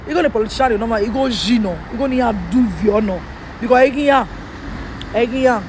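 A man's voice: very high-pitched, a little fast, noisy background. A man from Edo State with a Nigerian Pidgin accent, delivering a fired-up political rant full of rhetorical questions as a vlogger.

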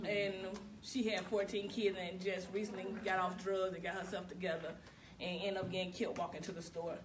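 A woman's voice: lowish voice, level tone, a little fast. A woman from Chicago introducing herself to a group of activists, plain-spoken and sincere.

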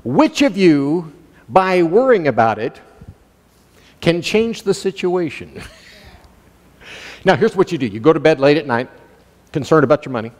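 Male pastor, high voice, emphatic sermon delivery, long hall reverb. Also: sing-song, unhurried, long pauses. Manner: emphatic, calls out to the congregation.

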